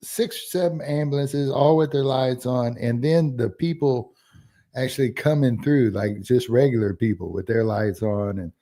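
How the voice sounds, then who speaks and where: A man's voice: mid-range voice, moderate pace, mellow. A man, co-hosting a podcast and telling long rambling stories in casual chat. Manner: rambling storyteller. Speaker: podcast co-host.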